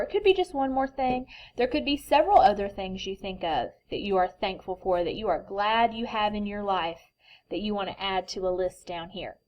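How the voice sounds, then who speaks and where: A woman teacher reading a picture book to children, then giving instructions in a gentle, expressive, patient way. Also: mid-range voice, dull audio.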